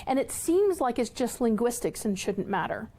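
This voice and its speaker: Woman, guest, thoughtful, measured, higher voice. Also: big pitch swings, dark tone, slight background noise. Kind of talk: casual chat and book reading. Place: TV studio.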